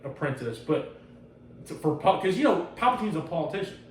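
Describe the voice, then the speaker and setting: Profane, excitable man recorded off-mic in a roomy space. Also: sits high, a little fast, recorded from a distance, slight background noise. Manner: loose, profane, animated retelling. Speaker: podcast host. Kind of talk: casual chat. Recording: roomy echo, off-mic, faint ambience.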